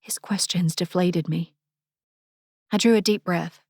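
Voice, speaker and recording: A woman narrating a first-person romance audiobook in a soft, intimate manner, on a close studio mic. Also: on the low side, steady tone, measured pace, pauses often, slightly rough, no echo.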